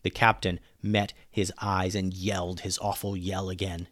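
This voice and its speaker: Man reading a kids' adventure tale. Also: normal speed. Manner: lively, dropping low on speech tags. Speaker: storyteller. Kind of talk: reading a children's adventure story.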